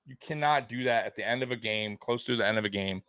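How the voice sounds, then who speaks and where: A young man hosting a live sports stream, talking straight to his viewers in an animated, repetitive way with plenty of swearing. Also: on the low side, fast talker, no echo. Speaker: sports livestream host. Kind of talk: live postgame commentary to viewers.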